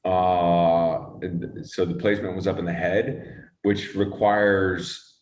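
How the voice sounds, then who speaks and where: A man with a very low voice talks through his working habits as an interview guest, pausing often with fillers and restarting sentences. He drops the odd casual swear word. The room around him is echoey. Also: fairly even intonation. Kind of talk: relaxed conversational interview.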